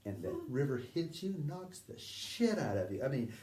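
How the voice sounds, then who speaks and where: A man, an interview guest, telling a personal story in a vivid, animated way. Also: mid-range voice, normal speed, reverberant, distant mic, a little hiss or hum.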